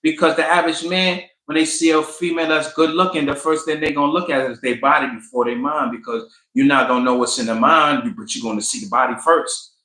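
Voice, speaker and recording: Male commentary host, bright tone, colloquial and animated, echoey room. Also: fairly high pitch, fairly quick, few pauses. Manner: animated storytelling, colloquial, acts out quotes. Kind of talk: casual commentary.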